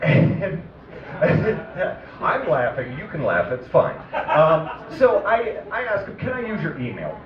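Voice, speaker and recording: A man telling a story in a stand-up comedy set at an open mic, halting and rambling with many fillers. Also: fairly high pitch, wildly swooping pitch, crowd noise. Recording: echoey room from far off, muffled. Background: audience laughter.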